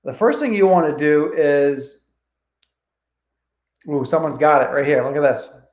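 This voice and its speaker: A man's voice: fairly high pitch, expressive, unhurried, darkish tone, reverberant. A man coaching a live online training who talks energetically, swears freely and acts out both sides of phone calls. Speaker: real estate coach.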